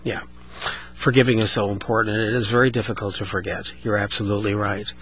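Bright-voiced male radio host. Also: fairly low pitch, steady tone, quick pace, slight background noise, rough recording. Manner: playful, demonstrates vocal emphasis. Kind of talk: casual radio talk.

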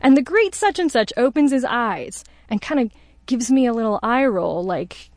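Lively woman telling a funny story. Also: a little high, moderate pace, no echo. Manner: lively, self-deprecating, acts out voices in quotes. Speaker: storyteller guest. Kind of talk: comedic personal storytelling.

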